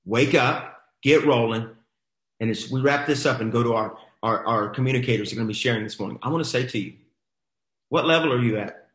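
A man's voice: medium pitch, a bit bright. Emphatic motivational man in an echoey room. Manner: emphatic, exhorting, repeats phrases. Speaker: host of a coaching boot camp. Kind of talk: motivational storytelling.

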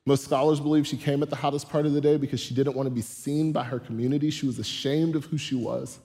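A man preaching a sermon, emphatic, slowing down to stress lists. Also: mid-range voice, fairly even intonation, warm tone, big-room sound. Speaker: pastor.

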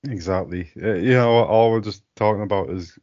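Man, low-pitched, joking podcast banter, dry muffled sound. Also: normal speed, darkish tone, no room sound. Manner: joking, laughs often, trails off in restarts. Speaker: podcast co-host. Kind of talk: casual banter.

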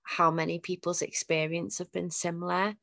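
A woman's voice: lowish voice, little pitch movement, moderate pace, creaky, sharp tone, dry recording. A woman hosting a podcast interview, speaking sympathetically to her guest. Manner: sympathetic, responds with short reactions. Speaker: podcast host. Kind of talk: casual interview.

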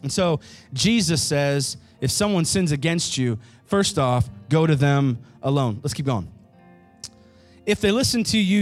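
A male pastor preaching a sermon, asking his congregation questions and repeating key phrases for emphasis. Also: a little high. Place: church sanctuary.

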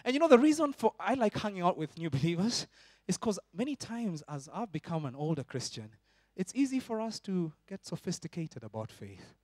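A man, preaching a sermon and swinging between loud shouts and soft, close tones. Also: high voice, big pitch swings, fairly quick, dry recording. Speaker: pastor.

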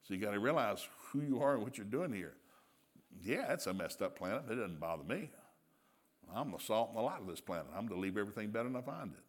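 A male preacher giving a sermon with animated storytelling, laughing often and acting out dialogue. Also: lowish voice, fast talker, slightly rough.

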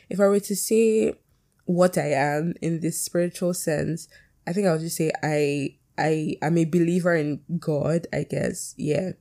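A woman's voice: on the low side, warm tone. A young woman hosting her own podcast, chatting casually and rambling with lots of fillers; her voice cracks and can sound close to tears. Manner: rambling, frequent "like" and "you know" fillers. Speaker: podcast host. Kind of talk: casual solo podcast chat. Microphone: poor quality home mic.

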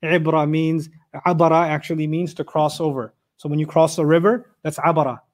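A man teaching a lesson on scripture, animated, asking the audience rhetorical questions and reciting Arabic verses quickly. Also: on the high side. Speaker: Quran teacher. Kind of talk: lecture on scripture.

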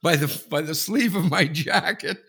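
A man in his forties co-hosting a casual sports podcast, telling a rambling anecdote full of restarts that builds to loud excitement. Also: on the high side, normal speed, vocal fry, breathy edge. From Canada. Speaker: podcast co-host. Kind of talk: casual sports talk, storytelling.

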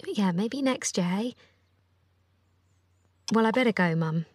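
An actress playing a teasing, affectionate young newlywed bride in an audio drama. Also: female voice, medium pitch, lively intonation, measured pace, breathy edge, no room sound. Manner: teasing, warm with laughter.

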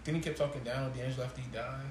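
A man co-hosting a podcast, chatting casually about TV shows in fast slang with lots of swearing. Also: medium pitch, fairly even intonation, roomy sound, noisy background. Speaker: podcast co-host.

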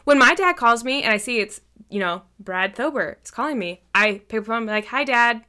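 A woman's voice: fairly high pitch, expressive, fast, bright, forceful tone. A woman chatting casually as a podcast co-host, swearing freely and acting out quotes as she tells stories. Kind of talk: casual chat.

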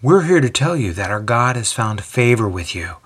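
A man voicing a wounded male apostle in a storybook telling, speaking softly and weakly in measured phrases. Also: mid-range voice, very animated, breathy edge. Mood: earnest. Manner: soft, weak, measured. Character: wounded, weary male apostle, calm and gentle.

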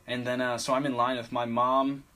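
A man's voice: medium pitch, level tone, a little fast, a crowd in the background. A young man in casual chat, telling a story in a laid-back way, swearing and laughing often.

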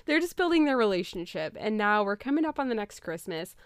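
A woman's voice: medium pitch, quick pace, clear, resonant tone, no room sound, clean studio sound. A woman on a podcast, retelling a film plot in casual chat and laughing often. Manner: animated storytelling, laughs often.

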